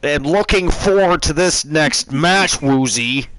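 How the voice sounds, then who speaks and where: Canadian man, stream host, high lively voice, drags out words in mock outrage. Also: slow pace, a little hiss or hum, low-quality recording. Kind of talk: casual game-stream commentary.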